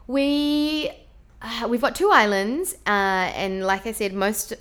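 A woman with a New Zealand accent talks casually as an interview guest. She is lively and laughs often between thoughts. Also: a little high, slow, clean tone.

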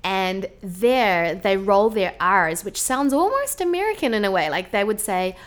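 A woman with a New Zealand accent talks casually as an interview guest. She is lively and laughs often between thoughts. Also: medium pitch, unhurried, hardly any pauses.

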